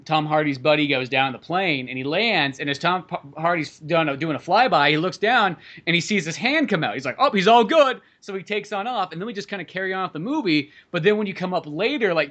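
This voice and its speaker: A man talks quickly with a bright, forceful edge in a loose podcast conversation about films, his voice a little higher than most men's. As co-host, he rambles animatedly, restarts his sentences and swears heavily.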